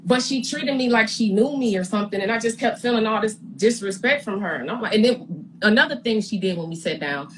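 A young adult woman candidly recounting a conflict in an interview, animated and blunt, acting out what she and others said. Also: mid-range voice, a little fast, slight background noise, rough recording. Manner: animated, re-enacts her own and others' words, blunt slang. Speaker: reality TV personality giving her side.

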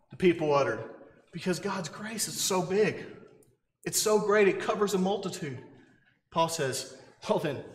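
A man's voice: high voice, fairly bright tone. A man preaching a sermon, emphatic and conversational, with rhetorical questions. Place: church sanctuary. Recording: echoey church hall.

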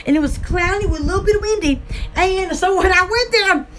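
Woman, Southern accent, very high voice, sharp and bright, giggly, excitable, rambling vlog, faint background noise. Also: brisk. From Alabama. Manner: giggly, excitable, lots of "oh" and fillers. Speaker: online shop owner.

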